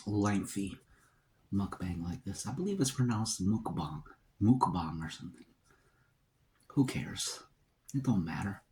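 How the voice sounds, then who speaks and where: A man's voice: fairly low pitch, warm tone, slight background noise, poor audio. A man vlogging a casual mukbang, rambling and talking to himself between bites.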